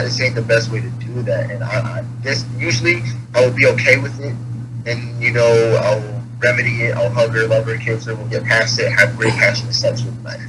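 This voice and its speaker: A man talking openly as an interview guest, voice at a middle pitch. He repeats himself as he goes, and he grows heated at times. The recording is noisy, with a steady hum under it. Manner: candid, repetitive, rising heated at points. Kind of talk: casual interview talk.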